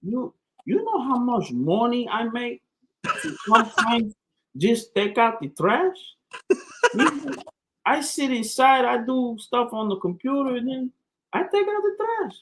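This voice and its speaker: A man voicing a calm, uncomplaining male Puerto Rican sailor, putting on his Puerto Rican Spanish accent in a slow, matter-of-fact way. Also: very high-pitched, background noise, pitched above the performer's own voice, exaggerated voice. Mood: unbothered. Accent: Puerto Rican Spanish accent put on.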